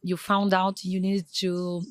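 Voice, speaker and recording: A man's voice: high-pitched, monotone, takes it slowly, clean tone, no room sound. A man hosting a podcast, asking brief questions and giving short encouraging replies. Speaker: podcast host.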